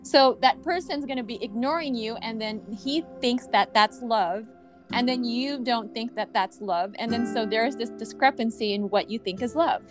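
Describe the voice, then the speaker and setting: A woman's voice: a little high, moderate pace. Talkative woman coach over background music. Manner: rambling, searches for words with many fillers; laughs easily. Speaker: healing coach and podcast host. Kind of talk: casual podcast conversation.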